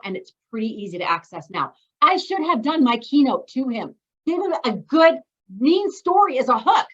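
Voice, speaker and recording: A middle-aged woman coaching a women's group, bubbly and excitable, telling stories with lively asides. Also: a little high, dull audio. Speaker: business coach leading a women's group meeting. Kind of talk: animated meeting talk with storytelling.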